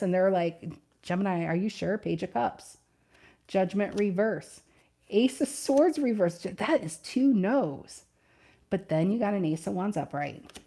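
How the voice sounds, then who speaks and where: A woman's voice: medium pitch, darkish tone. A woman doing a casual tarot reading, chatty and thinking aloud, often repeating her questions to the cards. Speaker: tarot reader.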